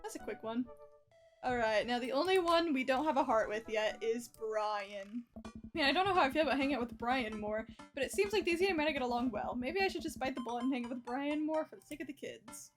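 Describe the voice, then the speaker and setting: A young woman streaming a dating game, reading the dialogue aloud, animated, laughing often and swearing at misses. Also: sits high, fast talker, soft background music.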